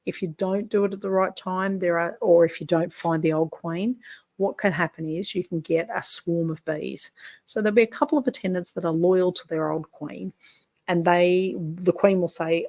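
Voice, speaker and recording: A woman's voice: lowish voice, steady tone, normal speed, a little mellow, no echo. A woman beekeeper explaining hive care in a chatty, frank how-to vlog, with casual swearing.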